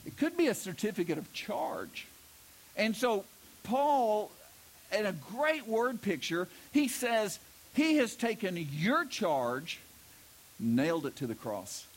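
A man's voice: high-pitched, sing-song, takes it slowly. A middle-aged man preaching a sermon as pastor, telling stories and stressing key words with emphasis. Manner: storytelling with emphatic preaching, voices quoted characters.

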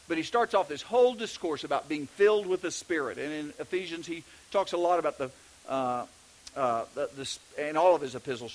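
A man's voice: fairly high pitch, poor audio. A middle-aged man with a Texas accent, preaching a sermon in a conversational way with many restarts. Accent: Texan. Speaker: pastor.

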